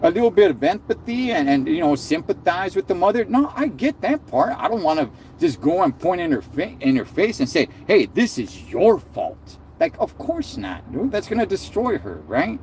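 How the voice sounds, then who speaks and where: Ranting man with a lively voice. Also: high-pitched, moderate pace, hardly any pauses, a little hiss or hum. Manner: heated, sarcastic, repeats words, slangy. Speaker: live stream host. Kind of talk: ranting casual live stream.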